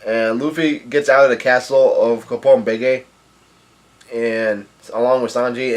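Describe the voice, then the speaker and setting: A man hosting a casual reading recap of a manga, halting and stumbling over names as he narrates. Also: medium pitch, fairly even intonation. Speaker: manga reader and video host.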